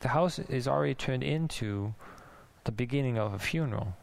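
A man preaching a sermon in a conversational, musing way, restarting thoughts and now and then laughing softly. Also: mid-range voice, normal speed, vocal fry. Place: church in Denmark.

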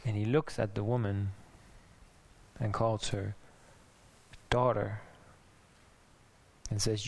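A man preaching a sermon in a conversational, musing way, restarting thoughts and now and then laughing softly. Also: fairly low pitch, slow, gravelly, pauses often. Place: church in Denmark.

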